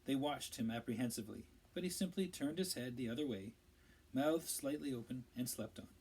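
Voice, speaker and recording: A man reads a storybook aloud in a steady, measured voice of ordinary middle pitch. His delivery is plain, an amateur audiobook narration. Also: husky, rough recording. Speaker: audiobook reader.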